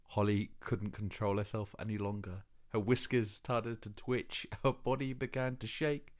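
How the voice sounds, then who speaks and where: Brief: male storybook narrator, low voice, steady and expressive. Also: unhurried, few pauses. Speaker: audiobook narrator. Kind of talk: scripted narration.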